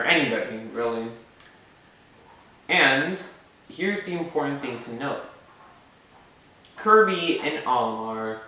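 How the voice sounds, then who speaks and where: A man's voice: medium pitch, a bit bright. A man casually explaining a fan moveset idea in a rambling way, with frequent asides and self-corrections. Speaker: video maker presenting a fan moveset idea. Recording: very echoey room, mic far off.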